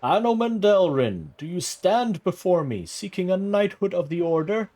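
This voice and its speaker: A man doing a booming, stately priest. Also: animated. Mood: ceremonial. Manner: loud, slow, ceremonial. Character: booming, stately priest presiding over a knighting.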